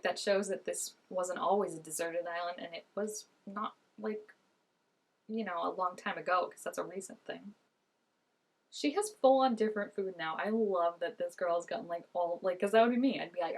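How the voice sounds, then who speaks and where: A woman chatting and giggling through a TV episode, talking back to the characters on screen. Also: mid-range voice. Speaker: vlogger reacting to a TV episode. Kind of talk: casual reaction commentary.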